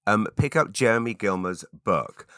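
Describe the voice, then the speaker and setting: Low, bright-voiced man rambling casually. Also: expressive, moderate pace, smooth, no echo, clean studio sound. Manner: rambling, many fillers and restarts. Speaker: podcast host. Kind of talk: casual solo chat.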